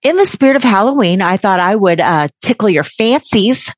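Woman podcast host, mid-pitched, brash and profane, casual banter, dry close mic. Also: animated, moderate pace, dry recording. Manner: brash, jokey, swears freely with sarcastic asides.

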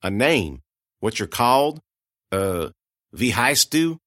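A man's voice: mid-range voice, sing-song, slow, a bit bright, no echo, clean studio sound, voice pushed up. A man voicing a plainspoken, stubborn but kind young farm woman who talks in a folksy, reassuring way. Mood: coaxing.

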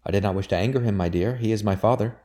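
A man reading a gentle, dutiful young gentleman. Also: on the low side, racing, natural voice. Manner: gentle, subdued.

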